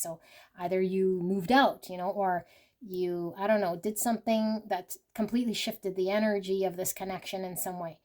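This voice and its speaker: A woman tarot reader with a medium-pitched, slightly mellow voice gives a casual pick-a-card reading. She rambles with lots of "like" and "you know," sometimes laughing and swearing.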